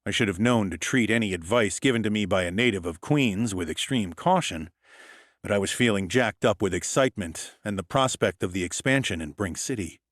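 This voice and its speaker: Male audiobook narrator, low voice, wry hardboiled tone, dry close sound. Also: no echo. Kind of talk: scripted first-person narration.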